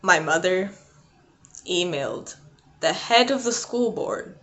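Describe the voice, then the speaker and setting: A woman's voice: on the low side, expressive, takes it slowly, fairly bright tone. A young adult woman vlogging a casual storytime, rambling and chatty with lots of "like" and "um". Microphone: not her usual mic.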